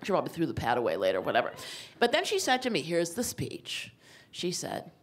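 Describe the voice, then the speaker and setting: A middle-aged woman author tells self-mocking comic stories in front of a live audience. She jumps between loud exclamations and quiet asides. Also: low-pitched, wildly swooping pitch, fairly quick. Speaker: author and guest speaker. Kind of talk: comic storytelling on stage. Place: live talk before an audience.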